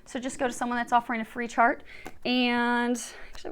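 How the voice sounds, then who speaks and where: A woman's voice: fairly high pitch, little pitch movement, brisk, fairly bright tone, a little hiss or hum. A woman giving a chatty tarot reading, sounding congested from a cold and talking to viewers as she lays out cards. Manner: chatty, reassuring, talks while laying out cards. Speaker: tarot card reader. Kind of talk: casual spoken tarot reading.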